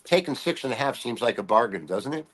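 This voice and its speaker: Man, betting analyst, easygoing, mid pitch. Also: animated, quick pace. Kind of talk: casual sports analysis chat.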